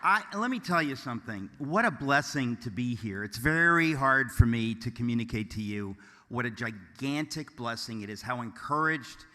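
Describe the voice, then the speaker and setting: Bright-voiced man joking to a hall. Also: mid-range voice, normal speed. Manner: deadpan mock-offensive jokes, then earnest and rambling. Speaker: keynote speaker. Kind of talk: joking, loose speech to a live audience. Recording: long hall reverb.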